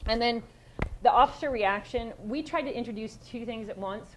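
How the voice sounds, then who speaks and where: A woman's voice: medium pitch, a little hiss or hum, rough recording. A woman police sergeant giving a conversational conference presentation, direct and plain-spoken, with frequent restarts.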